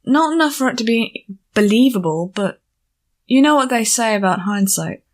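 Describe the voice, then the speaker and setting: Cheeky young mare pony, a woman reading her, breezy and innocent-sounding, pitched up high. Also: animated, normal speed, natural voice. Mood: teasing. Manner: breezy, teasing, feigned innocence. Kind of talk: audiobook character voice.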